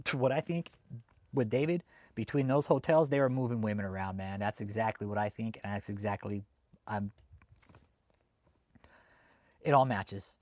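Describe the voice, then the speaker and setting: A man hosting a livestream who rants heatedly, swears often and bursts out loudly as he talks to his chat. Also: mid-range voice, a little fast, no echo. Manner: heated and swearing, with loud outbursts. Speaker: livestream host reading chat. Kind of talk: profane ranting live commentary.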